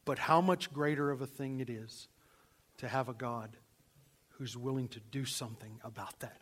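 A male pastor preaching a sermon, swinging from loud emphasis to hushed, near-whispered lines. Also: medium pitch, normal speed, husky.

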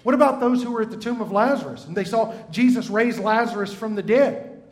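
A man's voice: high voice, fairly quick, a little mellow. A man preaching a sermon, talking in a conversational way and turning often to the congregation. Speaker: pastor. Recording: roomy echo.

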